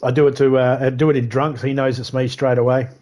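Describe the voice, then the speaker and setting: A man's voice: mid-range voice, little pitch movement, quick pace, a little mellow. A man chatting casually with his viewers while streaming a game, rambling and laughing often. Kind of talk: casual live-stream chat.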